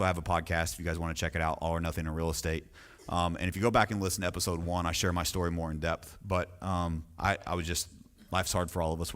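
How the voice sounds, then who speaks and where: A male real estate coach gives an energetic sales training talk in a somewhat low voice. He speaks emphatically and keeps checking in with the audience through questions.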